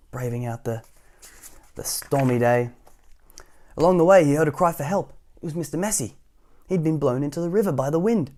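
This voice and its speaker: A man's voice: mid-range voice, dark tone. A man hosting storytime, reading a children's picture book aloud with casual asides to young listeners. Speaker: storytime host.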